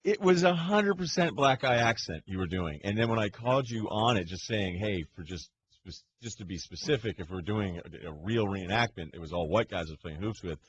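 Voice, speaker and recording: Man, low voice, dry sports radio banter, slightly muffled, faint hiss. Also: animated, fairly quick. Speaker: co-host.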